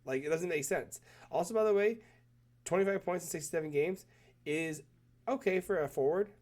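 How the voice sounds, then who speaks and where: A man's voice: high-pitched, normal speed, darkish tone. A man with a cold and a stuffed-up nose, talking casually and enthusiastically through stats on screen, often restarting his sentences. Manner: rambling, self-correcting, enthusiastic. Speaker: hockey commentator. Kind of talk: casual screen-share commentary.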